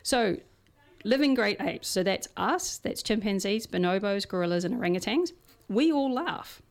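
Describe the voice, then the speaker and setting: A woman's voice: medium pitch, animated, moderate pace. A woman co-hosting a casual science podcast, explaining research in a chatty way with everyday examples and frequent fillers.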